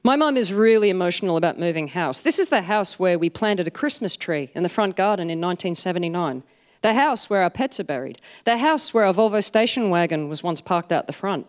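A woman in her forties tells comic stories to a live audience. Her delivery is dry and self-mocking, and she lands her punchlines deadpan. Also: fairly low pitch, a little fast. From Australia. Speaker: stand-up comedian.

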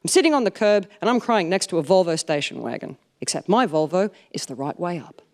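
A woman in her forties tells comic stories to a live audience. Her delivery is dry and self-mocking, and she lands her punchlines deadpan. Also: medium pitch. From Australia. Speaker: stand-up comedian.

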